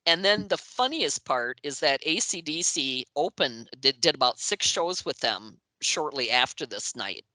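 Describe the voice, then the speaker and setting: Woman, interview guest, lively storyteller, sharp bright voice, dry close sound. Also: low voice, measured pace, hardly any pauses, dry recording. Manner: lively storyteller who laughs through her stories. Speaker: interview guest, music journalist. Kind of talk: animated anecdote telling.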